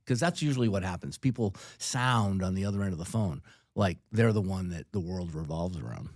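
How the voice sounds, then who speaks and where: A man with a fairly low voice on a podcast, explaining his point earnestly and step by step. He is recorded close up, dry and dead. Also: animated, a little fast, darkish tone, dry recording. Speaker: podcast co-host, real estate. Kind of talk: casual podcast chat.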